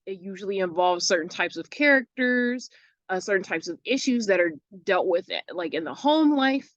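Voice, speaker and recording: A woman teacher explaining a lesson patiently and casually, often checking in with "right?" and filling pauses with "uh" and "um". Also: mid-range voice, fairly bright tone, no room sound, dull audio.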